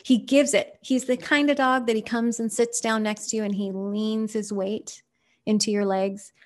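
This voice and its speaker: A woman hosting a motivational podcast, who talks in an animated, emphatic way and fires direct rhetorical questions at her listeners. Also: a little high, moderate pace. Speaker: podcast host.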